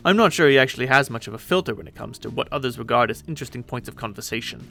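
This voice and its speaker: A man's voice: medium pitch, racing, gravelly, sharp tone, voice pushed down. A man voicing a clueless young male adventurer who rambles in a folksy, self-absorbed way, in a webcomic read aloud with voices. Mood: rambling.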